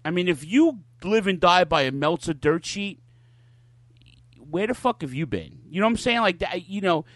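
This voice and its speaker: A man's voice: sits high, lively intonation, moderate pace, fairly bright tone, dry recording. Profane, rambling podcast host man. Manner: profane, loose storytelling with lots of cursing. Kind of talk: casual chat.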